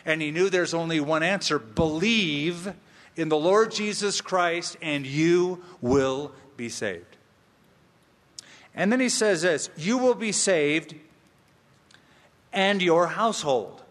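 Slow, emphatic preacher in a reverberant hall. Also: male voice, fairly high pitch, a bit bright. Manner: emphatic preaching with repeated phrases and humor. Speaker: pastor. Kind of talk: sermon. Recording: long reverb of a large hall.

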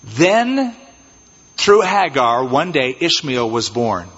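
Husky pastor preaching in a big hall. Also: male voice, mid-range voice, slow pace. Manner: animated, acts out little scenes in changed voices. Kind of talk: expository sermon. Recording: dull, reverberant church hall sound.

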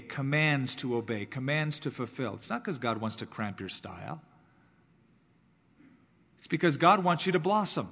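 A man preaching a sermon as pastor, driving points home with repeated words and swings between loud and soft. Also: mid-range voice, in a large hall.

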